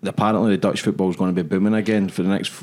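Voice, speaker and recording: A man's voice: deep voice, little pitch movement, racing, darkish tone. A man hosting a podcast, asking questions in a chatty, blunt way with casual swearing. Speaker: podcast host. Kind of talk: casual interview chat.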